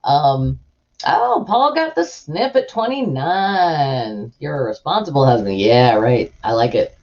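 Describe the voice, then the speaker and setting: A woman's voice: a bass voice, slow. A woman chatting casually to live viewers as host, telling stories animatedly. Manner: animated storytelling, acts out voices of people in her anecdotes. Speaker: livestream host. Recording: muffled lo-fi stream audio.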